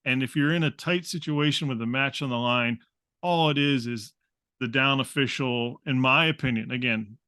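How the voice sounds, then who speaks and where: Bright-voiced coach host, dry sound. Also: male voice, mid-range voice, moderate pace, clear, resonant tone, dry recording. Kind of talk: casual interview chat.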